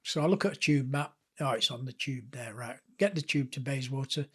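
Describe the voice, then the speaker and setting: An older man with a Lancashire accent, talking as a guest on an interview podcast. He tells lively, chatty stories and pokes fun at himself along the way. His voice sits at an ordinary middle pitch for a man. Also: brisk, breathy edge. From England. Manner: lively, chatty anecdotes with self-deprecating humour. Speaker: guest author. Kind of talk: anecdotal storytelling in a podcast interview.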